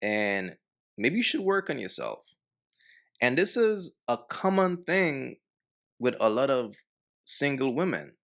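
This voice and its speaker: Host for a reaction clip: a man with a gravelly, unhurried voice and lively pitch swings, mocking and blunt. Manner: blunt, mocking, talks to the fellas. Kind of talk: commentary on a clip.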